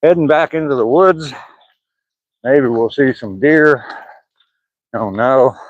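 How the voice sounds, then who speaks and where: A man's voice: mid-range voice, slow pace, dry recording. Older man, Southern accent, casual livestream walk outdoors, rambling and chuckly, dull dry phone sound. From Southern US, Georgia. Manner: easygoing, rambling, chuckling, reading chat aloud. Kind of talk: casual livestream chat while walking. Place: outdoors on a walking trail by pine woods. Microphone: phone camera held while walking.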